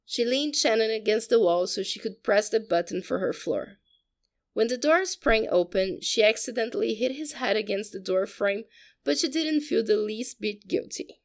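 A woman narrating a story in a steady, even audiobook style. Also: fairly high pitch, normal speed.

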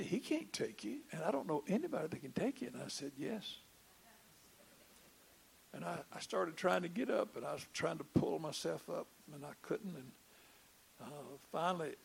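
Gravelly older preacher man. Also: fairly high pitch, a little hiss or hum. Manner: storytelling with repeated stammers. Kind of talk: sermon testimony.

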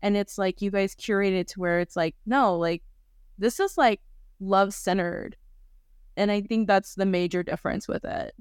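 Woman host, smooth clear voice, dry close sound, chatty and candid. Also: mid-range voice, fairly even intonation, normal speed, dry recording. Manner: candid, storytelling, acts out quoted voices. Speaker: podcast host. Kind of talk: casual podcast chat.

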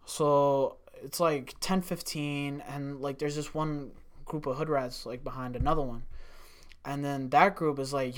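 A young man, once a restaurant worker, rambles through a foul-mouthed story about his old job, peppering it with "like." His voice sits at a medium pitch with fairly even intonation, and he takes his time.

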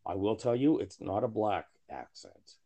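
A man's voice: fairly low pitch, expressive, moderate pace, vocal fry, warm tone. A man chatting casually on a podcast, telling self-mocking jokes in a rambling, profane way full of restarts. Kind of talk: casual chat.

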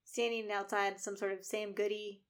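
A woman co-hosting a podcast in casual chat, relaxed and playful in how she talks. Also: medium pitch, normal speed. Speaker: podcast co-host.

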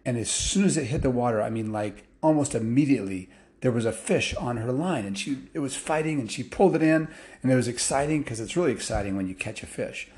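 A man telling a story in a loose, casual way, with restarts and fillers, picking up excitement as the action builds. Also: mid-range voice, fast talker.

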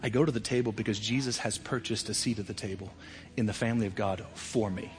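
A middle-aged man preaching a sermon, swinging between emphatic loud passages and quiet ones. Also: fairly low pitch, fast, soft background music. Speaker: pastor. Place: church sanctuary.

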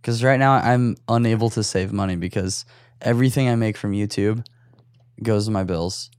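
A man's voice: on the low side, normal speed, darkish tone, clean tone, no room sound. A young man co-hosting a podcast in casual chat, joking and laughing often. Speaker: podcast co-host.

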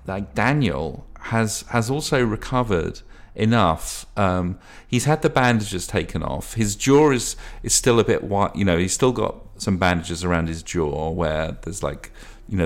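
A man's voice: low-pitched, animated, a little slow, few pauses. A man running a tabletop game as game master, narrating in a rambling, self-correcting way.

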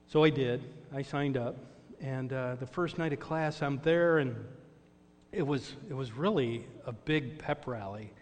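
A man's voice: medium pitch, a little slow, long reverb tail. A middle-aged male pastor preaching a sermon, telling personal stories in an earnest way with call-and-response asides. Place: church sanctuary.

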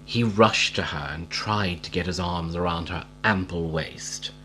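A man reading a storybook aloud in a slow, expressive storytelling manner. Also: sits low, a little hiss or hum, rough recording.

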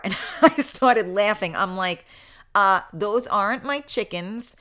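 Bright-voiced chatty woman talk show host. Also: medium pitch, normal speed. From New York. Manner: chatty, rambling storyteller with frequent laughs and asides. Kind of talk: casual live show chat.

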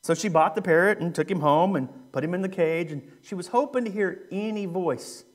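A young youth minister preaches in a loose, conversational way, sprinkling his talk with fillers. His voice sits high for a man. He tells a story like he is chatting with friends. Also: brisk. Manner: conversational, joking, with frequent fillers. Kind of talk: sermon with a humorous story.

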